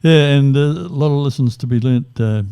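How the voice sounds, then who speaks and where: Brief: male radio host, dark and smooth voice, dry studio sound, hesitant. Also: mid-range voice, a little fast, no room sound. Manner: hesitant, many fillers. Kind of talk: radio interview.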